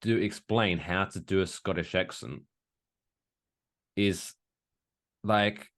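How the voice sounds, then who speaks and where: A man's voice: deep voice, fairly even intonation, slow, fairly bright tone. A man in his thirties co-hosting a podcast, rambling and joking crudely in casual chat. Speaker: podcast co-host.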